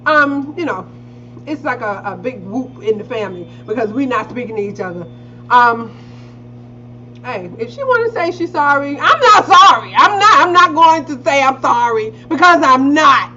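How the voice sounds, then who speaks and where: Woman co-host, middle-aged, casual and profane, animated storyteller with a wide-ranging voice, lo-fi audio. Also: normal speed. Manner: animated, acts out quotes with big pitch jumps; casual, swears freely. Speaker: podcast co-host. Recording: slightly dull lo-fi audio with faint hiss.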